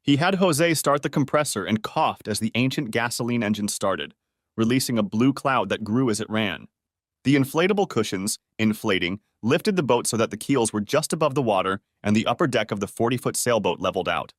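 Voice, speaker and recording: A man narrating a family drama story in a steady, scripted storytelling voice. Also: fairly low pitch, a little fast, no room sound, clean studio sound.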